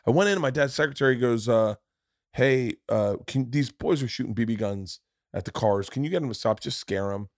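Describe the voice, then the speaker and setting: A man hosting a podcast spins a rowdy, swear-filled story and slips into the voices of the people in it. His voice sits at an ordinary middle pitch. The sound is close and dry, with no room around it. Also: fairly quick, no room sound. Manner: profane, animated storyteller who acts out voices. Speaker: podcast host. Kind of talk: casual storytelling chat.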